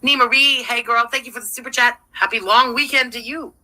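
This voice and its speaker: Woman, livestream host, brilliant bright tone, sarcastic, profane, ranting. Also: a little high, fairly even intonation, a little fast, poor audio. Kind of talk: livestream commentary.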